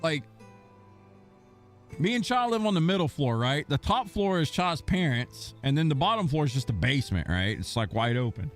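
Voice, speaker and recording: A man's voice: on the high side, expressive, moderate pace. A young man streaming a game, casually telling rambling, profane stories about his dog. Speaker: gaming streamer. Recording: faint music behind.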